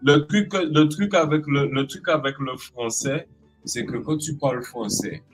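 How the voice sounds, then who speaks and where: A man's voice: on the high side, normal speed, husky, faint music behind, low-quality recording. A man from Guadeloupe with a Guadeloupean French accent, chatting in an interview and acting out expressions with playful voices. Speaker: creative arts specialist guest. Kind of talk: casual interview chat.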